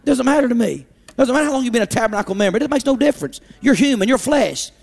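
A man preaching a fervent revival sermon in a very high, gravelly voice. He hammers his points with repetition, rising to shouts and dropping to hushed pleas. His voice rings with a long reverb through a large auditorium. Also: expressive, fast talker. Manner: impassioned, repetitive, swings between shouting and hushed pleading. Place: church auditorium.

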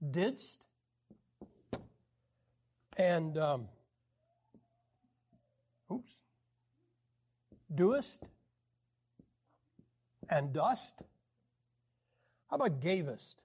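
A man teaching a class on the Bible in a wry, joking lecture style, often clearing his throat. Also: on the high side, very animated, drawn-out words, long pauses, a little mellow.

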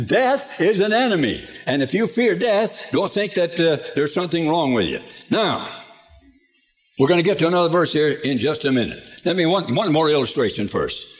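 A man's voice: a little high, big pitch swings, normal speed. An older man preaching a sermon in a folksy storytelling way, chuckling through his anecdotes, from an archive recording.

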